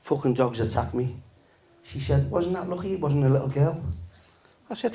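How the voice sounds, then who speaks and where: A man, doing a stand-up comedy set in a relaxed, deadpan, sweary storytelling manner to a live audience. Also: medium pitch, unhurried, gravelly, noisy background. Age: 50s.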